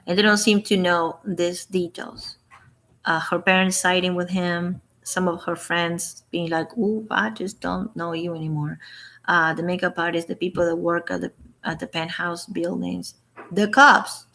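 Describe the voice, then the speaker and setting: A woman's voice: on the low side, flat delivery, measured pace, pushed and bright. A woman talking in a casual opinion vlog, indignant and rambling, restarting her sentences and quoting others. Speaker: vlogger.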